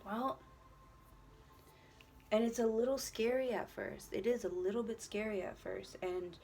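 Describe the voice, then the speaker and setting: A woman's voice: medium pitch, measured pace, vocal fry, dark tone, slight background noise. A woman doing a casual tarot reading to the camera, encouraging and earnest, rambling and repeating herself with plenty of filler and swearing. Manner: rambling, repeats herself, leans on "you know", swears freely; encouraging, earnest, speaks straight to the viewer. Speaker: tarot reader.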